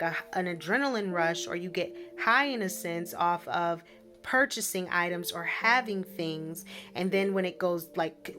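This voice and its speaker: A woman giving a casual spiritual message reading, chatty and repetitive, often checking in with the listener. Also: on the low side. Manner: chatty, repeats tag questions like "right?" and "okay?". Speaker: spiritual reader.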